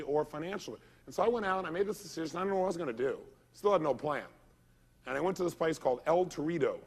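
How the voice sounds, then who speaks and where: Fast-talking man telling stories to an audience. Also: a little high. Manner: animated storytelling, acts out quoted lines; asks the audience questions. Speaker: motivational speaker. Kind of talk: motivational seminar talk.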